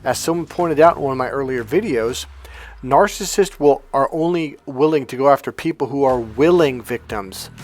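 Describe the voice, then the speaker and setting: A man's voice: mid-range voice, animated, moderate pace. A man giving a motivational vlog monologue as a coach, blunt, profane and emphatic. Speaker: relationship coach.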